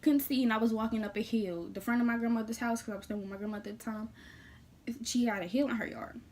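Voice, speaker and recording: A woman telling a personal story to her viewers in a casual vlog, blunt and animated, jumping between loud bursts and quiet, hushed asides. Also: fairly high pitch, quick pace.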